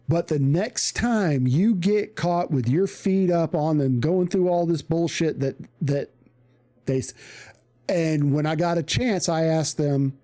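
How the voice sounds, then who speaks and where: A man with a fairly high, mellow voice tells a story in loose, casual talk. He swears freely and jumps into the voices of the people he quotes. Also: a little slow. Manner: profane, animated, acts out quoted voices. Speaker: streamer telling a story.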